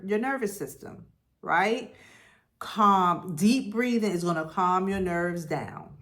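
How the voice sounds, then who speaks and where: A woman giving a spiritual tarot reading, talking in a slow, repetitive way and leading the listener through affirmations. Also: on the low side. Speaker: tarot reader.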